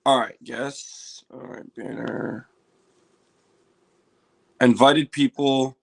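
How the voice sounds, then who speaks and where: A man hosting a casual livestream, chatting to viewers, repeating himself and bursting into loud exclamations and swearing. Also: mid-range voice, drawn-out words, gravelly. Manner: excitable, exclaims and swears loudly. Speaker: livestream host reacting to a trailer.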